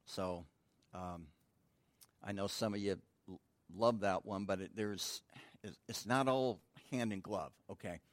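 A man's voice: on the low side, measured pace, pauses often, no echo. Chatty male pastor, dry close sound. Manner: informal and chatty, asks the room questions and answers them, frequent restarts. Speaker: pastor teaching a midweek Bible study. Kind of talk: conversational Bible teaching.

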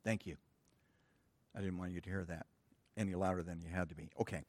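A man's voice: deep voice, fairly even intonation, a little fast, dry recording. A middle-aged man preaching a sermon in church, teaching a Greek grammar point with casual, joking asides to the congregation. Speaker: pastor. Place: church sanctuary.

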